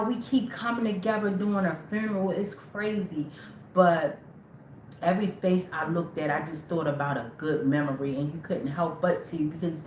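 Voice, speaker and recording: Woman, lowish voice, rambling livestream chat to viewers, echoey room, faint rumble behind. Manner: rambling, talks straight to viewers. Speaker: livestream host. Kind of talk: casual livestream talk.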